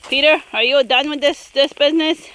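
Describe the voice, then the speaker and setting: A young woman hosting a family vlog outdoors in the snow, chatting casually to a handheld camera and cheering on small children in an excitable way. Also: sits high, fairly quick, a little hiss or hum. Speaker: vlog host and mother. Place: outdoors in the snow, backyard sledding hill.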